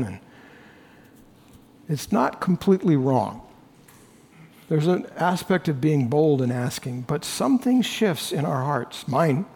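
A man preaching a sermon as lead pastor, earnest, moving between bold emphasis and quiet reflection. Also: a little high, husky, big-room sound.

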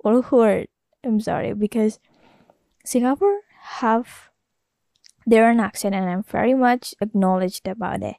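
A woman's voice: a little high, a little slow, vocal fry, warm tone, no room sound, clean studio sound. A young woman from Indonesia, talking in a rambling, casual solo podcast monologue full of fillers and self-corrections. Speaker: podcast host.

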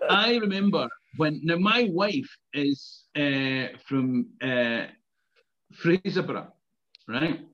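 A man's voice: a little high, drawn-out words, fairly bright tone, dull audio. A Scottish man, around his fifties, telling chatty anecdotes in casual conversation, laughing and swearing now and then. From Scotland. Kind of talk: casual chat.

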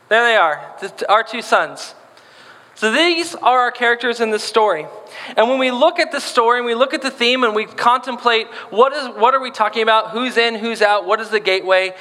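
A man's voice: sits high, pushed and bright. A man preaching a sermon, reading scripture and then talking casually and playfully, acting out voices in the quotes. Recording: long hall reverb.

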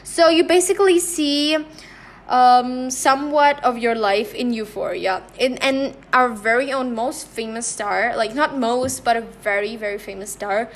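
A woman's voice: a little high, a little slow. A young woman hosting her own podcast, chatting casually with lots of fillers and restarts. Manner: rambling, many fillers and restarts. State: slightly out of breath. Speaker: podcast host. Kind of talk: casual chat.

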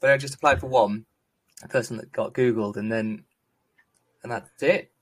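A man's voice: medium pitch, normal speed. A man with a posh Northern English accent, a GP chatting as a podcast guest, telling stories with self-deprecating humour. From England, born Liverpool, raised Manchester. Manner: lively storytelling, self-deprecating, frequent laughs. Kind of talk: casual podcast chat.

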